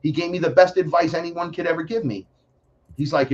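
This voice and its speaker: A man telling stories in a casual interview, animated and profane, acting out other voices as he talks. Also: a little high, brisk, muffled recording. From New York City. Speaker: podcast guest.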